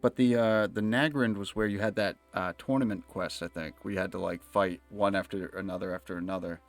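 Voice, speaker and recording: A man's voice: sits low, fairly even intonation, a little fast, soft background music. A young man livestreaming a game, telling rambling, profane stories and laughing often. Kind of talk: casual chat while gaming.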